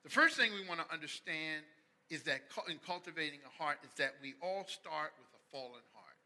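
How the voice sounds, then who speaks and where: A man preaching a sermon as pastor, telling a humorous story with animated delivery. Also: fairly high pitch, moderate pace, long reverb tail.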